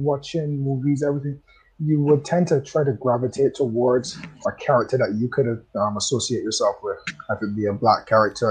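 A man from the Caribbean gives an unhurried, reminiscing answer on an interview show. His voice is husky and sits at an everyday pitch for a man. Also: a little mellow, low-quality recording. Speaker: guest comics creator.

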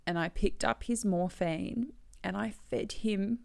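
A woman telling a painful personal story, halting and tearful, often dropping into whispers. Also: mid-range voice, creaky, no room sound. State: crying. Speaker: bereaved daughter telling her story. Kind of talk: emotional personal testimony.

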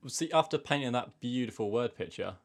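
A young man co-hosting a podcast in casual chat, deadpan and self-mocking. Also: medium pitch, brisk. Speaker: podcast co-host.

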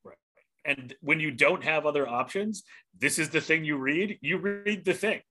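A man's voice: fairly high pitch, normal speed, sharp tone. A man co-hosting a podcast from home, chiming in with jokes and playful comparisons. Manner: jokey interjections, playful comparisons. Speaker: podcast co-host. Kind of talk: casual chat.

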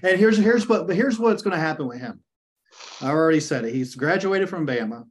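Blunt, opinionated man, somewhat high voice. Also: animated, a little fast. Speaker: podcast co-host. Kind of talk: casual sports chat.

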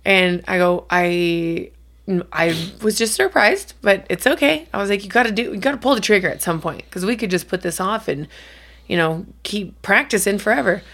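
Middle-aged woman, chatty podcast co-host with some vocal fry, loose and casual. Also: mid-range voice, moderate pace, a bit bright. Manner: chatty storyteller, swears casually. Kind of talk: casual chat.

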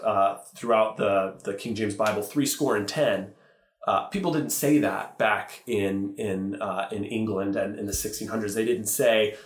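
A male priest and teacher speaking earnestly in a podcast interview, often correcting himself as he goes. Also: medium pitch. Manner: thoughtful, earnest, with self-corrections. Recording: roomy echo.

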